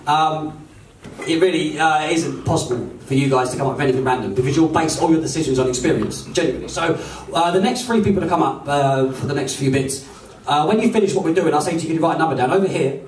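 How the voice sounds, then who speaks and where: A man's voice: on the high side, fast talker, distant mic. A man performing a live comedy magic show, teasing and bantering with volunteers. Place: large indoor hall with an audience. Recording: roomy hall, voice from afar, audience noise.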